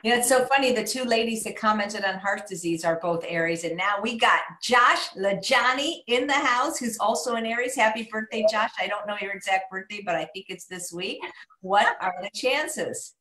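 A woman's voice: mid-range voice, normal speed, pushed and bright. A woman hosting a live cooking stream, chatting with enthusiasm and curious questions. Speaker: host of a live cooking show. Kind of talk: casual live-stream chat. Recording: roomy echo.

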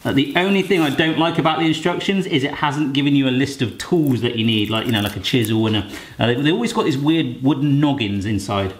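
A man's voice: mid-range voice, fast, slight background noise. A man in his thirties chatting and joking through a cooking vlog in his home kitchen, with rambling asides. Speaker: cooking vlogger.

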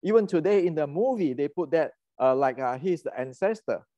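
Guy ranting about history, fairly high voice, dry close sound, lots of uh and restarts. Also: animated, brisk, mellow, no echo, muffled recording. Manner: heated, ranting, many restarts and fillers. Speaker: martial arts channel host. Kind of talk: casual lecture.

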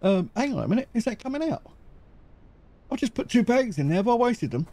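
A man's voice: extremely high pitch, very animated, a little fast, mellow. A middle-aged man chatting through gameplay commentary, giggly and rambling. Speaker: gaming YouTuber.

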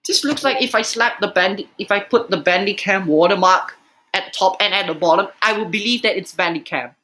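Exasperated, swearing high-voiced man. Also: sharp tone, poor audio. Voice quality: exasperated, swearing often, rapid pitch jumps. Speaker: reaction video host. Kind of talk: profane reaction commentary.

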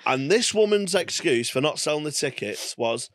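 A man's voice: on the high side, expressive, moderate pace, no room sound, clean studio sound. A man, a comedian ranting and mimicking people in casual podcast chat. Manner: rants and mimics people with exaggerated quotes. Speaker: comedian guest.

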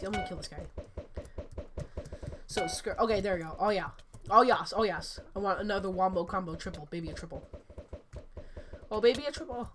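A woman giving excitable, chatty gameplay commentary while sick, her voice cracking often. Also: mid-range voice, a little hiss or hum. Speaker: gaming channel host.

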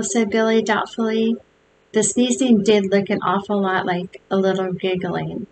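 A woman reads a children's novel aloud to her viewers in a slow, deliberate way. A faint hiss sits under her voice, and her pitch is neither high nor low. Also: flat delivery. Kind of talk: reading aloud to video viewers.

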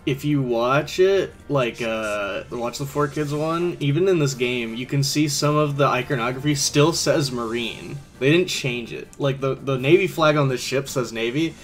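A man's voice: medium pitch, moderate pace, few pauses, faint music behind. A man streaming a game, rambling in casual commentary and laughing often.

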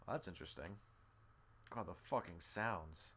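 A man with a fairly low voice whose pitch jumps all over as he streams a game live. He chats casually with viewers, swears freely and reads the game's text out loud between his reactions. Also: sing-song, fast, creaky, slightly rough. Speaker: gaming streamer. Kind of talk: casual live gameplay commentary, reading game text aloud.

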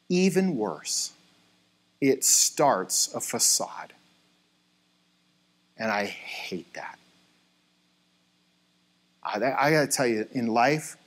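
Casting: middle-aged male pastor, lively pitch, chatty storytelling sermon. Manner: storytelling, acts out voices in quotes, animated. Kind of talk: conversational sermon with anecdotes. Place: church sanctuary.

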